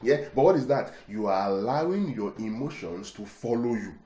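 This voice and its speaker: A man's voice: fairly low pitch, animated, moderate pace, mellow. A man preaching a sermon, repeating words for emphasis and checking in with rhetorical questions. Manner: keeps asking the congregation rhetorical questions. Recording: echoey room.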